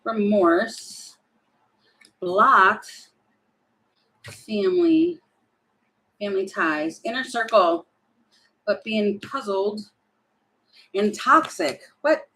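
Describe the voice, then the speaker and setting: A woman's voice: mid-range voice, very animated, extremely slow, long pauses, sharp tone, poor audio. A woman giving tarot readings on a live stream, chatty and apologetic, thinking aloud as she goes. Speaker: tarot reader.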